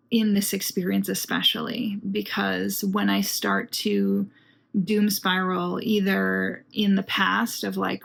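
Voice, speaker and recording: A woman talking earnestly in a casual reflective vlog at home, unhurried and searching for her words. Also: medium pitch, gravelly. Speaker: vlogger. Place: home apartment.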